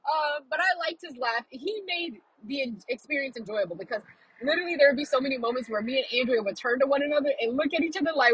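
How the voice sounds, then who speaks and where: A woman vlogging a casual, chatty film review from her car while driving, animated and full of quoted reactions. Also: high-pitched, quick pace, slight background noise, low-quality recording.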